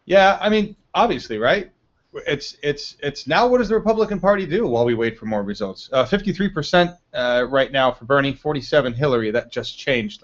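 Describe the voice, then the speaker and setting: A man hosting a casual live stream, chatting, laughing often and reading the chat aloud. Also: medium pitch. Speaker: livestream host. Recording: dull lo-fi stream audio.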